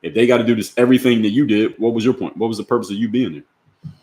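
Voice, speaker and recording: A man hosting a livestream, his voice on the low side and a bit mellow, moves quickly through chat comments. He answers them bluntly with rhetorical questions, and the recording is reverberant.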